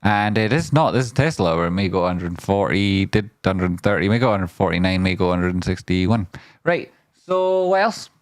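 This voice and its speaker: Guy on a trading livestream, goofy rambling riffs, lowish voice, dry close sound. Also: a little fast, hardly any pauses, dry recording. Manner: playful, riffing, often jumps into a high silly voice. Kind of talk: rambling live-stream chat.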